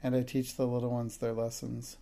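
A soft-spoken, earnest orphan girl from a storybook speaks plainly and quietly, read by a man. The voice stays level and mellow. It has a slight gravelly edge. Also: mid-range voice, monotone, brisk, natural voice. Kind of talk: audiobook reading.

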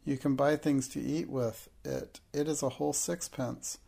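A man reading aloud as a kind little boy from a storybook, stout and insistent. He speaks in an even, gravelly tone, with very little rise and fall. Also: medium pitch, normal speed. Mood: earnest.

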